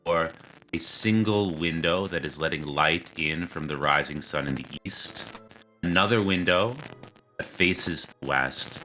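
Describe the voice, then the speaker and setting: Deep, slow male game master narrating scenes, bright timbre, faint music underneath. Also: poor audio. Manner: unhurried, descriptive, with fillers.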